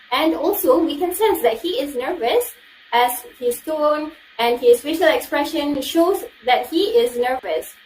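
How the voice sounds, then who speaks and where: A woman's voice: high voice, distant mic, slight background noise. A young woman with a Malaysian accent presenting to an online class, chatty and addressing the audience directly. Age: young adult. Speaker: student presenter. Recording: echoey room, voice off-mic.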